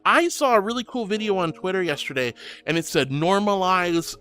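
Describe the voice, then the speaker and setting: A man's voice: high voice, animated, moderate pace, sharp tone, clean tone. A man streaming live in a casual, gushing and affectionate way, reading chat aloud and greeting viewers with giggles.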